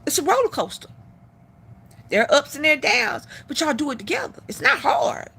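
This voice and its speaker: A woman's voice: high-pitched, very animated, brisk, gravelly, pushed and bright. A middle-aged woman hosting a live stream, giving blunt, profane opinions in casual talk.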